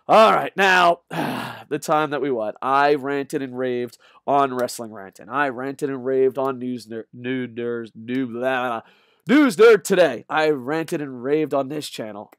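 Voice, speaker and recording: A man ranting in a rambling, profane fan vlog, tired and punch drunk, swinging from loud shouts to low mutters. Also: no room sound, clean studio sound. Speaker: wrestling vlogger. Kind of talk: excited fan vlog rant.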